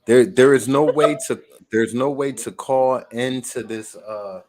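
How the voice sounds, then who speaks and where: A man's voice: mid-range voice, unhurried, darkish tone. A man hosting a casual basketball podcast, talking in a laid-back, slangy way with frequent laughs. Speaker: podcast host. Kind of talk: casual sports chat.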